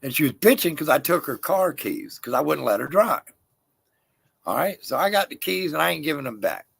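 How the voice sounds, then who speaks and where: A man with a gravelly, husky voice tells a rowdy story, swearing freely. His tone is bright and forceful, and the sound is dry and close. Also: a little high, very animated, brisk, no echo. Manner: crude, profane, rowdy storytelling. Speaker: guest storyteller. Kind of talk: casual chat.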